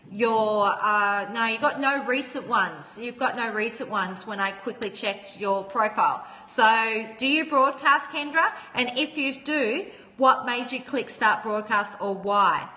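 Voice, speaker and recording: A chatty woman hosting a casual phone livestream and reading out viewers' names. Her voice is high and bright. The room gives it a long, lingering reverb. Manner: chatty, laughs often, greets viewers by name. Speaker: livestream host.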